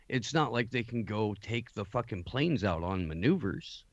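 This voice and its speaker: A man's voice: lowish voice, animated, moderate pace, few pauses, no echo, lo-fi sound. A man hosting a late-night talk show, rambling with many fillers and casual swearing. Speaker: podcast host.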